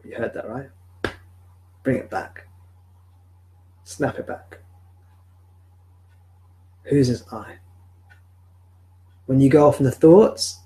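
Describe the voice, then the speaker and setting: Gentle man guiding self-enquiry. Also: medium pitch. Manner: gentle, repetitive questioning. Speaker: spiritual teacher. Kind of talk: live satsang guidance. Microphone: video call or webcam.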